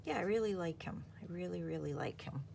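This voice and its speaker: A woman's voice: fairly low pitch, expressive, quick pace, creaky, very noisy. A woman hosting a craft video, chatting in a rambling way and thinking aloud as she works. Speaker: craft channel host. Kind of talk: casual chat while crafting.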